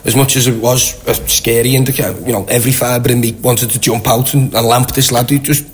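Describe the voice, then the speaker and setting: A young man with a Liverpool accent, a guest telling a long, animated anecdote with lots of quoted voices. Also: mid-range voice, brisk. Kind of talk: casual storytelling.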